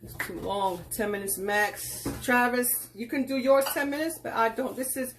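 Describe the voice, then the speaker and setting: A woman's voice: on the high side, normal speed, a little hiss or hum. Folksy woman teaching a live cooking lesson. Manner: folksy, instructive, calls viewers child and girl. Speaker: cooking tutorial host. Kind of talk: casual live cooking demonstration.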